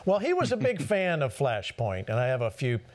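A man's voice: mid-range voice, huge pitch swings, brisk, darkish tone. A man from Georgia with a Southern accent, hosting a talk show with folksy, rambling stories. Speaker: host. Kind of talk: casual tribute chat.

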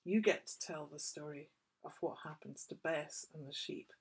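A woman author reading a picture book aloud to small children, gently asking her young listeners questions. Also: deep voice, moderate pace, slightly rough.

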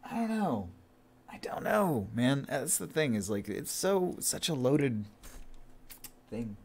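A man's voice: medium pitch, sing-song, slow, darkish tone. A man chatting casually on his livestream, rambling, swearing and laughing easily. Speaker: streamer editing his writing.

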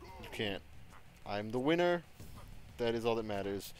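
A young man giving casual gameplay commentary, excitable, swearing often and breaking into sudden loud outbursts. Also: medium pitch, normal speed. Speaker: gaming video creator.

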